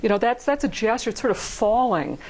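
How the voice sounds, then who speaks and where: A woman violinist in a casual rehearsal discussion, talking quickly and singing phrases aloud to explain them. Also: fairly high pitch, animated, poor audio. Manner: quick, sings phrases out loud while explaining.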